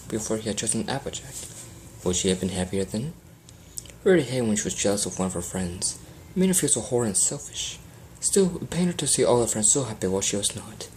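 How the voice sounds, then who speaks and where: A man's voice: lowish voice, darkish tone, low-quality recording. Guy narrating fanfic, plain amateur reading, little slips, faint hiss. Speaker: fan fiction reader.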